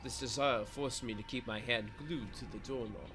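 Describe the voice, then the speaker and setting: A man's voice: mid-range voice, steady tone, normal speed. Man reading a game aloud dramatically. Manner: dramatic first-person reading with pleading repetition. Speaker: streamer. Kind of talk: reading a visual novel aloud. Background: game music.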